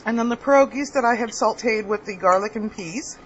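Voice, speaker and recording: A woman's voice: on the high side, fairly quick, highs cut off, slight background noise. A woman hosting a home cooking video, chatting casually and laughing at her own kitchen mistakes. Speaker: cooking vlog host.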